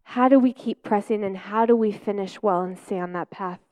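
A woman pastor preaching a personal testimony, telling stories with lively acted-out quotes and easy laughs. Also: mid-range voice, moderate pace. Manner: animated storytelling, acting out quotes.

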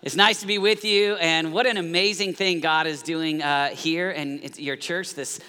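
Guest pastor, man, 40s; energetic sermon, urges congregation responses; reverberant church hall. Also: fairly high pitch, normal speed, clean tone.

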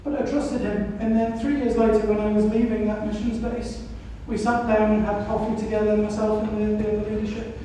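A woman's voice: medium pitch, level tone, fairly quick, hardly any pauses, dark tone, slight background noise. A woman missionary giving a sermon, telling her own story in a reflective way. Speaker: missionary speaker. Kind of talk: sermon with personal testimony. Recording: echoey hall from far off.

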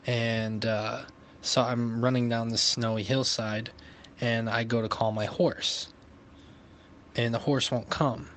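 A man telling a story in a casual voice message, profane and animated, as a podcast host. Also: medium pitch, slow pace, slight background noise.

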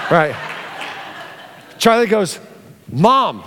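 Pastor, middle-aged man, high voice, lively storyteller, stage mic in a big reverberant sanctuary. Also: noisy background. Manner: animated storyteller, acts out family dialogue. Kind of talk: sermon with personal story. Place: church auditorium. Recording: long hall reverb.

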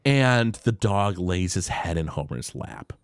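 A man chatting casually on a podcast, retelling a cartoon episode with lots of fillers and quick quoted bits. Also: low-pitched, lively intonation, clean tone, no room sound, studio quality. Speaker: podcast host.

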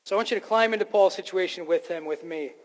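A man's voice: high voice, fast, big-room sound. A man preaching a sermon, earnest and emphatic, often restarting his sentences with fillers. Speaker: pastor.

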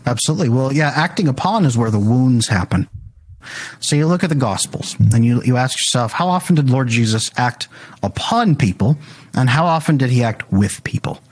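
Husky-voiced man, lively storyteller, casual podcast guest. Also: medium pitch, a little fast. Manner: animated storyteller acting out dialogue with his kids. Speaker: guest parenting speaker.

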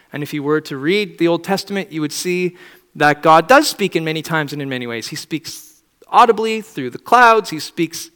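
A man's voice: a little high, fairly bright tone, big-room sound. A man preaching a sermon in a conversational, reflective way, often asking rhetorical questions.

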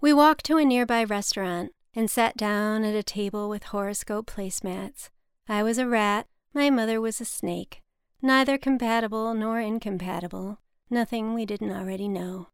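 A woman narrating her own personal story in a measured, scripted reading style, recorded close to the mic. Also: medium pitch, clear, resonant tone, dry recording.

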